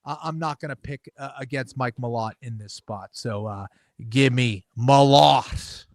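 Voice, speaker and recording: A man giving measured fight picks as a podcast co-host, with "you know" and "um" fillers. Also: medium pitch, dry recording, studio quality. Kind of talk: casual podcast analysis.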